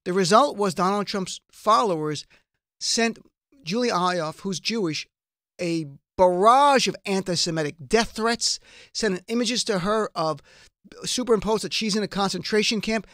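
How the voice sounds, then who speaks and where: A man's voice: high voice, moderate pace, pushed and bright, no echo, studio quality. A man hosting a political talk show, making an emphatic, passionate case full of rhetorical questions. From United States. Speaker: radio show host. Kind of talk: political commentary.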